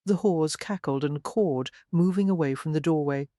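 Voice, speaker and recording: An audiobook narrator giving a measured, even scripted reading of a romance novel. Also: mid-range voice, no room sound, studio quality.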